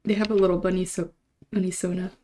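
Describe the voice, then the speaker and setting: A young woman talks casually to her stream, rambling and poking fun at herself. Her voice sits a touch low, and her throat is still slightly sore. The delivery is loose, full of asides. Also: little pitch movement, quick pace, mellow. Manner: rambling, chatty, self-deprecating. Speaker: livestream host. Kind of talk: casual chat.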